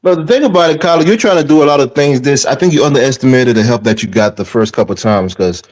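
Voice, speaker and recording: A man's voice: medium pitch, quick pace, darkish tone, rough recording. A man co-hosting a casual live-stream chat, asking questions in an easygoing, teasing way. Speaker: co-host.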